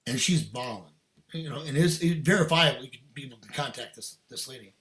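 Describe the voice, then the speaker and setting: A man guest on a podcast telling a personal story in casual, earnest talk, animated and laughing now and then. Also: mid-range voice, brisk.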